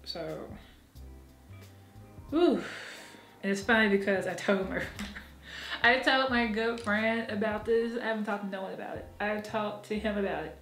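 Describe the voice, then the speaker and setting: A woman's voice: medium pitch, measured pace, pauses often, fairly bright tone, reverberant, faint music behind. A woman vlogging from her apartment, talking frankly and with lots of swearing, laughing at herself as she goes. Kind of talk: casual confessional vlog.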